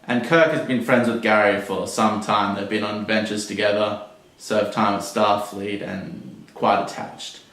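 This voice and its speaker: A man's voice: fairly low pitch, steady tone, unhurried, fairly bright tone. A man hosting a casual episode review who swears freely and speaks bluntly and jokily. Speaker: podcast host reviewing an episode. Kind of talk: casual commentary. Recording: roomy echo.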